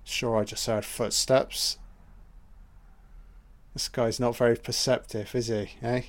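A man's voice: mid-range voice, flat delivery, slow. A man giving a casual, crude running commentary on a film, swearing and reacting aloud.

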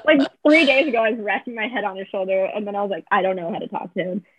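A young woman guest on a podcast, telling a story in casual chat, animated and quoting herself and others, laughing often. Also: mid-range voice, racing, slightly rough, no room sound. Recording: dry, tinny phone-like sound.

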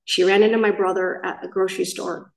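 A middle-aged woman speaks frankly about her own life, looping back and fixing her words as she goes. Her voice sits at an ordinary pitch and reaches the mic from some distance across a roomy, echoing space. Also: flat delivery, a little fast, gravelly. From Southern California. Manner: candid, rambling storytelling with self-corrections. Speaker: main speaker at a recovery meeting. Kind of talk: personal recovery share.

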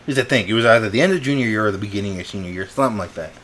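A man's voice: lowish voice, very fast, slight background noise. Laughing young man telling stories. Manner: animated storytelling with laughter and acted-out quotes. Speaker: podcast co-host. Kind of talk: casual chat.

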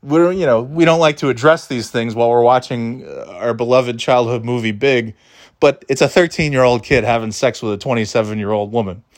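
A man delivering a profane, animated comedic rant about a movie, jumping into character voices. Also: medium pitch, a little fast. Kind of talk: stand-up style comedic rant.

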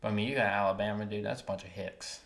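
A man's voice: on the low side, fairly even intonation, fast, gravelly, fairly bright tone. Southern man with a Wilmington accent. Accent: Wilmington North Carolina Southern. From Wilmington, North Carolina. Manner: rambling, searching for words with many ums. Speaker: podcast co-host. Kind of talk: casual podcast chat. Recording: echoey room.

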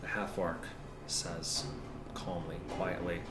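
A man's voice: low voice, level tone, slow pace, echoey room, over loud music. A man narrating as game master in a laid-back way, describing scenes with casual swearing.

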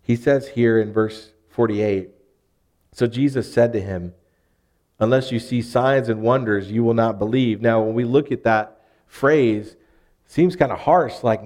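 A man's voice: medium pitch, unhurried, darkish tone. A man in his thirties from Arkansas with a Southern US accent, preaching a sermon in an earnest, conversational way with rising emphasis. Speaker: pastor.

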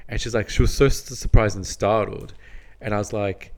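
Laid-back man with a very low voice. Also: steady tone, a little fast, darkish tone. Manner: laid-back, rambling, frequent restarts. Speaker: podcast co-host. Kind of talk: casual storytelling.

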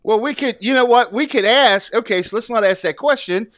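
A man's voice: very high-pitched, brisk, a bit bright, dry recording, clean studio sound. A man co-hosting a podcast, teasing the others playfully. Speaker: podcast co-host. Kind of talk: casual podcast chat.

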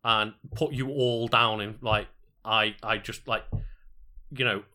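Relaxed male co-host, crisp and very bright tone, lowish pitch. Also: slow. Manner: relaxed, sweary, agreeable. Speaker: podcast co-host. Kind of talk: casual chat.

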